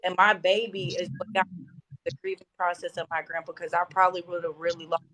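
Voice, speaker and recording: A woman's voice: fairly low pitch, little pitch movement, quick pace, fairly bright tone, no echo, poor audio. A young woman guest telling a personal story in an emotional, conversational way.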